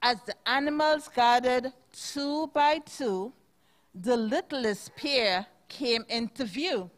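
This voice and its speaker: A woman reads a rhyming picture book to children during a church service, stretching each line slowly in a sing-song rhythm. Her voice sits fairly high, and she pauses to quiz the kids along the way. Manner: slow, sing-song read-aloud, asks the children questions.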